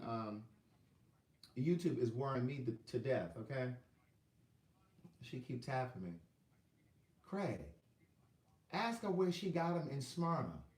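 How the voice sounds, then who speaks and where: A man with a Southern US accent hosting a casual live stream, rambling and talking to viewers by name while checking his phone. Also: mid-range voice. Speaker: livestream host selling books. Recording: echoey room.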